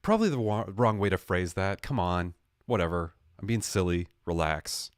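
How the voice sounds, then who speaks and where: A man's voice: on the low side, lively intonation, a little fast, no room sound, studio quality. A man hosting a livestream, telling a story in a jokey, sarcastic way and correcting himself as he goes. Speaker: livestream host. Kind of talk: casual storytelling rant.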